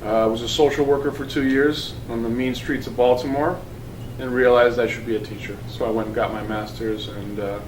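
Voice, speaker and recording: A man's voice: mid-range voice, steady tone. A man in his thirties chats about himself in a loose, casual way, now and then stopping and restarting. He sounds set back from the mic in an echoing space, with a faint hiss behind him. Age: 30s. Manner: casual, chatty, with halting restarts. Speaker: teacher. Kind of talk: interview about his career. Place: school building. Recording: roomy and distant with faint noise.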